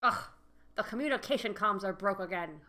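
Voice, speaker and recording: A woman's voice: medium pitch, lively intonation, brisk, a crowd in the background, close to an everyday voice. A woman voicing a polite male space cat pilot, with a weak stab at a Scottish lilt and no real brogue. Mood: annoyed. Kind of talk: podcast story read-along voicing.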